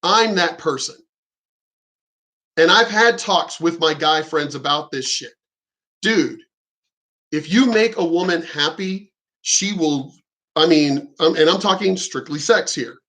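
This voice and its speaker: A man's voice: on the high side, takes it slowly, long pauses, sharp tone. A middle-aged man vlogging, telling a frank, profane and rambling story about his sex life. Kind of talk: candid storytelling monologue.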